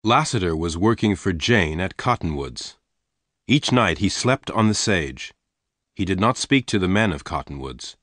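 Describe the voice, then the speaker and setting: Brief: male narrator, low and lively, plain clear storytelling for learners. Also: normal speed, no echo. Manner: simple, evenly paced sentences.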